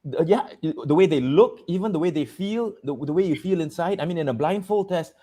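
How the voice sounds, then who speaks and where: A man hosting a casual chat show, talking in an animated, jokey way and often laughing. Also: fairly high pitch, a little fast. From Malaysia. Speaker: host.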